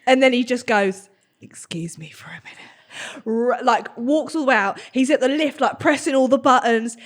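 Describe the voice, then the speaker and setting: A woman's voice: sits high, normal speed. A young woman hosting a podcast, chatting casually, reacting with exclamations and swearing as she tells a story of her own. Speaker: podcast host.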